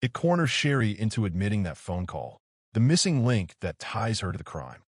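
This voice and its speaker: A man giving scripted, measured narration explaining a police interrogation. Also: on the low side, very animated, husky, no room sound. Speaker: true crime commentator. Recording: dry close-mic voice-over.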